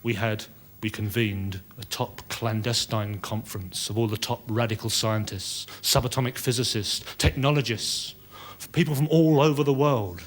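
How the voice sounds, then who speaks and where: A man's voice: medium pitch, moderate pace, few pauses, voice pushed down, lightly acted. A man voicing a manic, upper-class male nuclear physicist from the future, urgent and precise.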